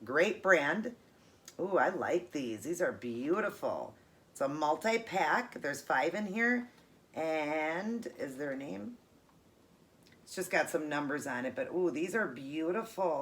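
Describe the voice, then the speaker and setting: Middle-aged lady vlogger, low voice, gushy and earnest, unboxing chat. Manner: earnest, gushing, emotional.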